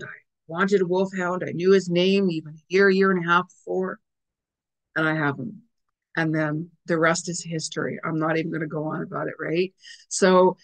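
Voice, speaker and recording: Chatty, rambling woman astrologer. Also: fairly low pitch. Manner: chatty, rambling, many fillers and asides. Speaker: astrologer giving a weekly forecast. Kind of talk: casual spoken forecast to viewers.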